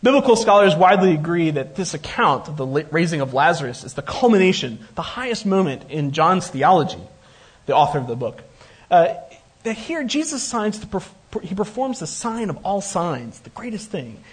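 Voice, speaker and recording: A man's voice: sits high, sing-song, moderate pace, slightly rough. A man preaching a conversational sermon, retelling a scripture story with joking asides.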